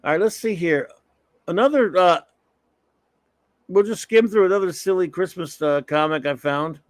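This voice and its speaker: A man's voice: high-pitched, moderate pace, no room sound, rough recording. A man hosting a casual comics talk stream, chatting and reading viewer comments aloud. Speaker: comics talk show host. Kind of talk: casual livestream chat.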